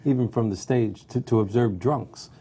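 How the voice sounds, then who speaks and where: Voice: medium pitch, moderate pace, noisy background. A show host in a casual interview, offering short encouraging remarks to his guest.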